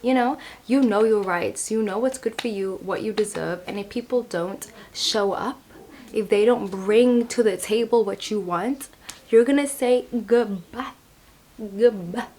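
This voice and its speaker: A young woman talks through a tarot card reading in a loose, chatty way. She is playful and teasing, and her middle-pitched voice keeps bouncing higher on the words she stresses. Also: normal speed, a little mellow. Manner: chatty, playful, laughs at herself. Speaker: tarot reader. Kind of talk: casual tarot reading to camera.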